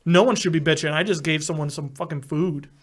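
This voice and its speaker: A man's voice: on the high side, a little fast. A young man on a casual podcast, telling crude prank-call stories with a lot of swearing. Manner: animated, profane prank-call storyteller. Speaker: podcast co-host. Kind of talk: casual chat, storytelling.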